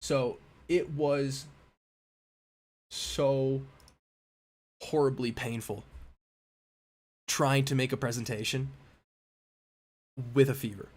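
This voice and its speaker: A man's voice: medium pitch, fairly even intonation, slow, long pauses, darkish tone. A young man in his twenties, slightly nasal and stuffy from a cold, chatting casually and a little distractedly while hosting a live stream. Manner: rambling, distracted while fixing stream settings. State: stuffy nose after a cold. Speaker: livestream host. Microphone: mic in view at a desk.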